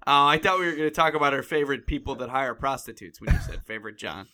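A man's voice: mid-range voice, lively intonation, fast, pushed and bright. A young man co-hosting a comedy podcast, cracking goofy jokes in casual chat. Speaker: podcast co-host.

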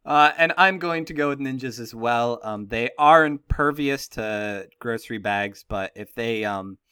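A man's voice: medium pitch, measured pace, pushed and bright, clean tone, no room sound, studio quality. A man hosting a casual podcast, joking and rambling with lots of fillers. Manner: jokey, rambling with many fillers. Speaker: podcast host.

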